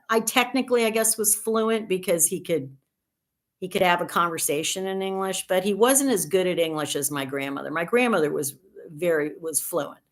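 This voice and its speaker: A woman in her sixties from the United States hosting a casual livestream, chatting in a rambling way with dry humor and answering viewer comments. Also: medium pitch. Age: 60s. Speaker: livestream host.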